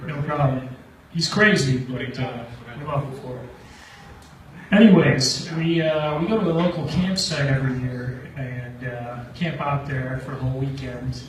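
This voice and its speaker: A man's voice: mid-range voice, normal speed. Rambling stand-up man in an echoey room. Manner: rambling, laughs at his own jokes. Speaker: stand-up comedian. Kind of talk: stand-up storytelling. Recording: echoey room from far off with faint ambience.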